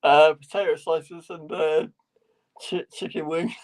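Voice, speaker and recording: A man's voice: a little high, steady tone, a little slow, a little hiss or hum. A man co-hosting a casual podcast, dropping short, dry interjections. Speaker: podcast co-host. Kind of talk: casual chat.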